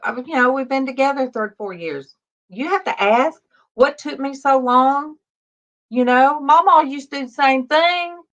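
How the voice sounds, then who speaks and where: A woman in her fifties with a Southern US accent, chatting slowly and softly on a livestream and greeting viewers by name. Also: high-pitched. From Alabama, US South. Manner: slow, soft-spoken, greets viewers by name. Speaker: livestream host. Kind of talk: casual livestream chat.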